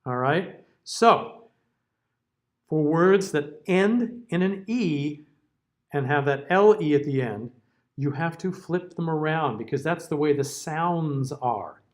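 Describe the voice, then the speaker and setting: A middle-aged man with a fairly high speaking voice, teaching a diction class for singers. He reads vowel word lists slowly and deliberately. He keeps checking in with his students. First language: English. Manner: checks in often with "okay?" and "all right?". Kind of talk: classroom lecture.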